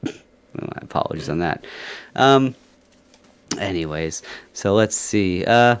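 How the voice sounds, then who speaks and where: A man's voice: low voice, animated, takes it slowly, smooth. A man hosting a casual livestream, rambling with many fillers and little chuckles. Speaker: livestream host. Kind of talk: casual chat.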